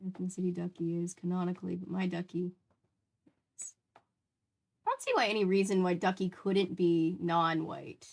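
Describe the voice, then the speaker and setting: A woman's voice: lowish voice, fairly even intonation, moderate pace, vocal fry, long pauses, darkish tone. Chatty woman in her twenties. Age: 20s. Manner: rambling, chatty, self-interrupting. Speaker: livestream host reading a book aloud. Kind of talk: casual livestream chat.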